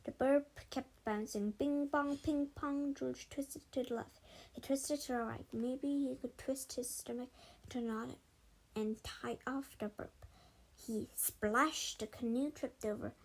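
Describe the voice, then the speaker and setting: A woman reading a children's storybook aloud, expressive, sometimes stumbling and restarting. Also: high voice, measured pace, rough recording. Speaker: storybook reader.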